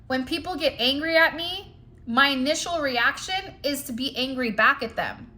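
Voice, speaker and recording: A woman's voice: high-pitched, moderate pace, bright, forceful tone. A woman who reads cards for spiritual guidance. She talks straight to her viewers in a chatty, emphatic way and keeps dropping in "like" and "you know.". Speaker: spiritual card reader. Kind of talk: direct-to-camera spiritual reading.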